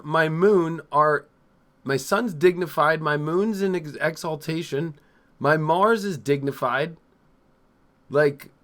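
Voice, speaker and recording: A man hosting a live astrology show, talking in a rambling, excitable and profane way, swinging from loud outbursts to low mutters. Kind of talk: live-streamed casual astrology talk.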